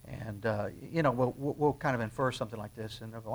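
A man preaching a sermon in a conversational way, acting out little dialogues and swinging between quiet asides and loud emphasis. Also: mid-range voice, quick pace, hardly any pauses. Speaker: pastor.

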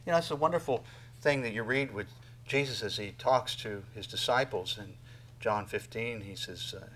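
Animated male preacher. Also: lowish voice, moderate pace, a little hiss or hum. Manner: animated, with wide swings in loudness and dramatic quoted voices. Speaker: pastor. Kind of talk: sermon.

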